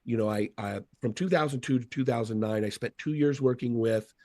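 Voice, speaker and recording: A man in his fifties telling stories from his career as a podcast guest, earnest and lively, acting out what others said. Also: mid-range voice, a little fast, no echo, studio quality. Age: 50s. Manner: earnest, animated storyteller acting out quotes. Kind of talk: storytelling in a podcast interview.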